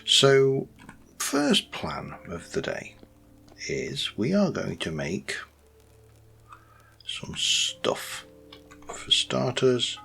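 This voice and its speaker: A man's voice: medium pitch, wildly swooping pitch, drawn-out words, creaky, pauses often, pushed and bright, faint music behind. A man chatting casually and rambling a little while he plays a game and comments on it. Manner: chatty and rambling, with many fillers. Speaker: let's-play host.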